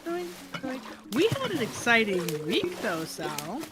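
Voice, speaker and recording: Slow-talking and wildly swooping in pitch, a middle-aged American woman chats casually as a livestream co-host. She recounts stories and imitates what others told her with dramatic pitch jumps. The recording is rough.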